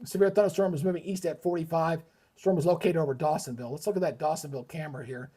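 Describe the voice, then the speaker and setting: A man's voice: on the high side, fairly even intonation, fast, warm tone, slightly rough. A middle-aged man hosting a live weather stream, heated and ranting, swearing often in casual commentary. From Georgia, USA. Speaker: weather livestream host.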